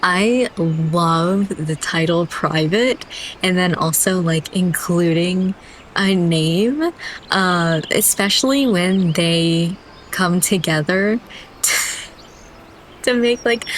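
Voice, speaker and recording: A woman's voice: on the low side, slow pace, a little hiss or hum. A young woman reading game dialogue aloud during a playthrough, often breaking into laughter. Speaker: game streamer.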